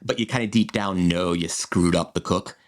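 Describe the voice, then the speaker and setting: A man in his forties co-hosts a podcast in a low, steady voice at a moderate pace. The casual chat wanders off on tangents, and he restarts his sentences often.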